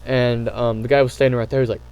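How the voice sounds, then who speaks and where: A man casually telling stories to camera, excitable and rambling, with lots of fillers and restarts. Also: medium pitch, fast, smooth, low-quality recording. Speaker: channel host.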